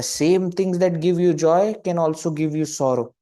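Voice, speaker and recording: A man with an Indian English accent, a spiritual teacher giving a conversational webinar talk, animated and full of rhetorical questions and acted-out examples. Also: on the high side, moderate pace, few pauses. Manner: animated, acts out questions and quoted people. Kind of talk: webinar talk on joyful living.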